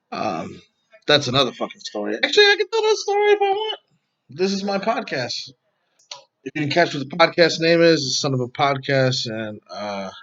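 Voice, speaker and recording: A man's voice: mid-range voice, a bit bright, muffled recording. A man hosting his own podcast vlog at home, telling a story in a rambling way with heavy profanity. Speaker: podcast host.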